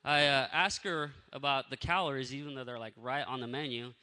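A man telling a faith testimony in a lively, casual way, acting out what people said. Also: medium pitch, fairly quick, clear, resonant tone, big-room sound. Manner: energetic, animated storyteller who acts out what people said. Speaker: speaker sharing a faith testimony.

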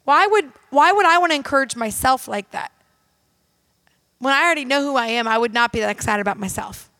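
A woman's voice: high-pitched, animated, a little fast, sharp tone, no echo. A woman minister preaching a sermon in an emphatic, direct and conversational way, talking straight to her audience.

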